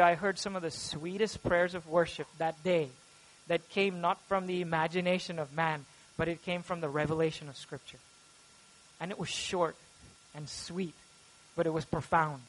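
A man with a notably high-pitched voice delivers a sermon as a pastor. He preaches earnestly and gets loud and animated when he voices prayers aloud. The audio quality is poor.

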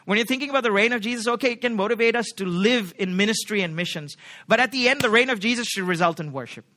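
Male pastor, high bright voice, emphatic sermon delivery, keeps checking in with the congregation. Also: fast talker. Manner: emphatic, asks the congregation rhetorical questions.

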